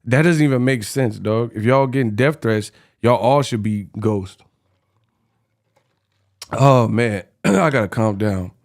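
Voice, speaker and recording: A man's voice: medium pitch, unhurried. A man hosting a boxing commentary channel, reacting in a slangy, mocking, incredulous way.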